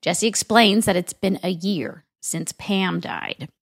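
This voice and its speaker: A woman's voice: lowish voice, slow pace, no room sound, clean studio sound. A woman podcast co-host in a casual recap chat, summarizing plot in a chatty way.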